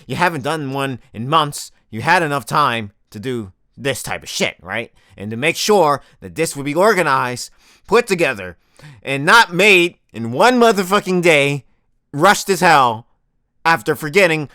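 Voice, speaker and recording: Animated, profane young man ranting. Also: a little high, moderate pace, dry recording, studio quality. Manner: profane, exaggerated comedic ranting. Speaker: comedy video host. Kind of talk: profane comedic rant.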